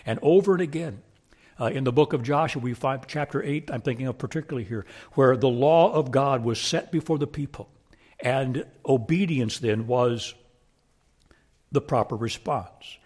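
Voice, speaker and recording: Husky, emphatic male preacher. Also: mid-range voice, normal speed. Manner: emphatic, repeats key phrases, swings between loud and hushed. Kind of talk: sermon.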